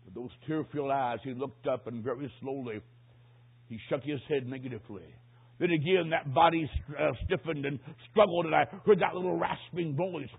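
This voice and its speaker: A man preaching a sermon with dramatic storytelling, swinging from hushed to loud. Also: a little high, moderate pace, vocal fry, slightly rough. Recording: tinny phone-like recording.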